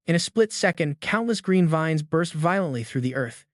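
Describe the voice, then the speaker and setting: A man giving scripted, dramatic narration as he recaps a comic story in a steady storytelling voice. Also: on the high side, moderate pace, dry recording, studio quality.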